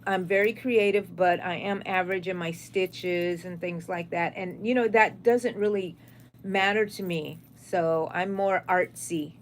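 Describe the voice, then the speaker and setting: A woman's voice: medium pitch, slight background noise. Middle-aged woman, casual live-stream host, chatty, answers viewers. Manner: chatty, reads viewer comments aloud. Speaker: crochet channel host.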